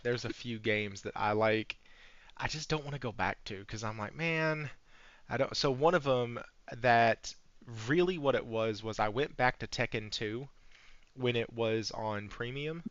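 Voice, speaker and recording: Man, podcast host, bright tone, slightly dull lo-fi stream sound, relaxed casual chat. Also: mid-range voice, moderate pace, no echo.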